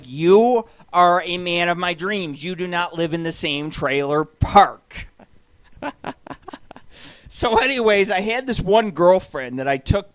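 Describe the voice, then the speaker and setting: A man hosting a live internet radio show, drunk and rambling through a crude, boastful story with loud outbursts. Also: fairly high pitch, no echo.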